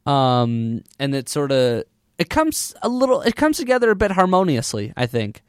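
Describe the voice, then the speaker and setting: A man's voice: fairly high pitch, wildly swooping pitch, normal speed, smooth, no echo, clean studio sound. A man chatting casually about film music as a podcast co-host, laughing often and mimicking the sounds of the score. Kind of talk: casual chat.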